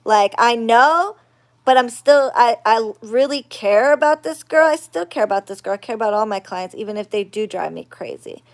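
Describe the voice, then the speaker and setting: A woman chatting casually to her viewers, rambling and expressive, going from loud outbursts to low murmurs. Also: moderate pace. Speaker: spiritual practitioner and channel host. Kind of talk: casual chat to camera.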